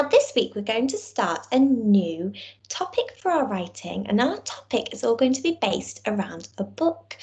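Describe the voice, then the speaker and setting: A woman teacher, giving a recorded lesson and reading a storybook aloud to young children in a clear, encouraging way. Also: fairly high pitch. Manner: encouraging, clear and expressive, speaking to small children. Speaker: primary school teacher.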